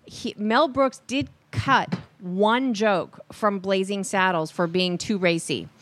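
A woman's voice: medium pitch, slow, dry recording. A woman co-hosting a casual talk show, chatty as she reads out entertainment tidbits. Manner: chatty, reads out news items. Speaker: co-host.

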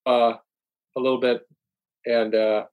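A middle-aged man chats casually as a podcast guest, at an ordinary middle pitch. He rambles through his stories, stopping and restarting with plenty of fillers. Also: level tone, unhurried, smooth, phone-quality sound. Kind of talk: casual chat.

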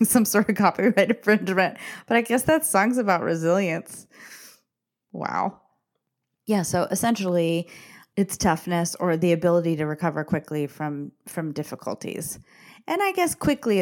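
This podcast host is a woman in her 40s with a fairly low, slightly mellow voice. Talking on her own in a relaxed way, she laughs a lot and makes jokes at her own expense.

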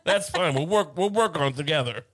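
A man's voice: on the high side, expressive, brisk, a bit bright. A man co-hosting a casual comedic chat, ranting in long rambling runs with stammered restarts. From United States.

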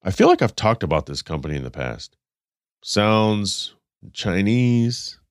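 Male car-podcast host, very low, congested and nasal, rambling reads, dry booth. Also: wildly swooping pitch, quick pace, no room sound. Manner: rambling, self-correcting, reading stats then riffing. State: stuffed up, congested. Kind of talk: casual car news chat.

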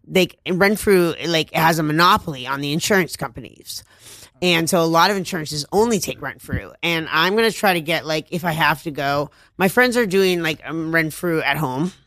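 A man co-hosting a casual radio talk show, rambling and halting, swearing freely. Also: a little high, a bit bright, no room sound. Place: radio studio.

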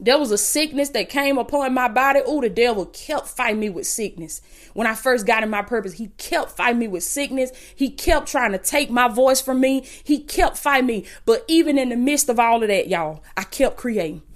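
A woman's voice: fairly high pitch, moderate pace. A woman with a Southern Alabama accent preaching fervently on her podcast from home, repeating lines and calling listeners "baby". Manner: impassioned, repetitive, calls listeners "baby".

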